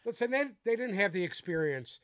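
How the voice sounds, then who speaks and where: A high-voiced man rants about football on a casual podcast, swearing freely and getting fired up. He is close on a dry mic with no room sound behind him. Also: lively intonation, fairly quick, a bit bright, no room sound. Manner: profane, fired-up ranting. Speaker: podcast co-host. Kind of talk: casual sports podcast chat.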